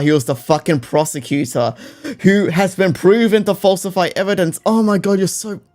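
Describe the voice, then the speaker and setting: A streamer with a mid-range, somewhat dark voice reads a detective game's text aloud and rants at its characters. He's heated and profane, swearing freely and breaking into laughter between outbursts. Faint music plays in the background.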